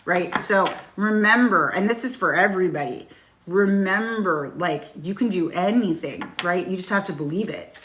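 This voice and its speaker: A middle-aged woman with a slightly low voice runs a live tarot reading from her phone. She talks casually and bluntly, with easy swearing and a motivational bent. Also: normal speed, a bit bright, a little hiss or hum. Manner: frank, casual, swears freely. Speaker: tarot reader. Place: home, on a live stream.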